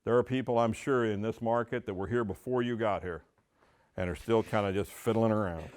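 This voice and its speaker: A man's voice: lowish voice, fairly quick. A middle-aged man giving a training talk to real estate agents, telling stories and acting out the dialogue. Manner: animated storytelling, acting out dialogue.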